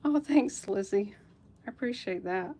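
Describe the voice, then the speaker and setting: A woman's voice: mid-range voice, lively intonation, a little slow, warm tone, slightly rough. A woman hosting a live jewelry sale stream, chatting casually with viewers by name and laughing often. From United States.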